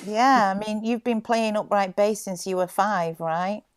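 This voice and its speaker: A woman's voice: medium pitch, a little slow, over a noisy crowd. A woman hosting a casual interview on a video call, chatty and asking leading questions. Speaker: festival host and interviewer.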